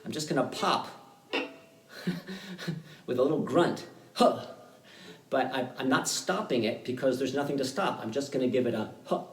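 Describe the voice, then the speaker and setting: A man teaching fiddle in an online workshop. He explains in a relaxed, halting way, with many fillers. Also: medium pitch. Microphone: video call. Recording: roomy sound, mic at a distance, loud fiddle playing.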